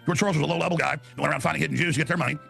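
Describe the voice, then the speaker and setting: A man arguing in a heated debate, loud and combative with rapid rants. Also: on the high side, fairly even intonation, creaky, soft background music. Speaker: debater in a played clip.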